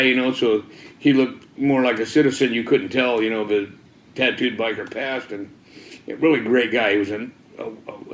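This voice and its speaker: A man's voice: mid-range voice, a bit bright. Ex-biker man sharing his testimony, laid-back and slangy, recorded in a reverberant room. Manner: casual, slangy, peppered with "dude" and "man". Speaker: former biker giving a church testimony. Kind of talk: personal testimony storytelling.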